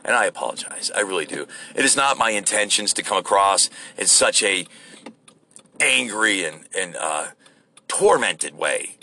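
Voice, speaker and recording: A man's voice: lowish voice, lively intonation, moderate pace, sharp tone. A man ranting casually while driving, rambling and profane, rude and crude by his own account. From United States. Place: in a car on the road.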